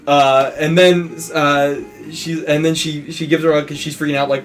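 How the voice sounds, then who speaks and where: A man's voice: on the high side, normal speed, few pauses, faint music behind. A man hosting a let's play, casually retelling a movie plot with acted-out quotes and some swearing. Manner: animated storytelling, acting out quotes, swearing, laughing. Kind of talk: casual movie recap over gameplay.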